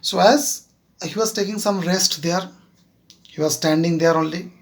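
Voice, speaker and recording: Telling a moral story to his class, this Indian English–accented teacher has a gravelly, slightly high voice and a slow, halting delivery full of fillers. He keeps pausing to check understanding with "Clear?"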